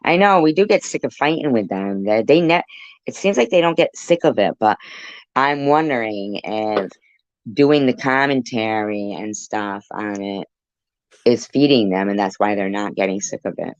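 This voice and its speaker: A woman hosting a casual live stream, relaxed and chatty, filling her sentences with "like" and "you know" as she relays the chat. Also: extremely low pitch, moderate pace, dry recording. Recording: dull, slightly lo-fi sound.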